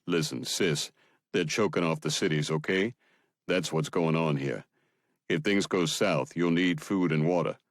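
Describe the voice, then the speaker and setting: A man voicing a calm, protective soldier in an audiobook, firm and clipped. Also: extremely low pitch, measured pace, no room sound, clean studio sound.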